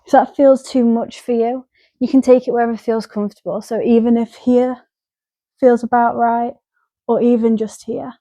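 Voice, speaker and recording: Dark-voiced woman cueing yoga poses. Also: a little high, normal speed, no echo, rough recording. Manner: calm step-by-step cueing, talking while moving. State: out of breath. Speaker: yoga teacher. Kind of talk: guided yoga instruction.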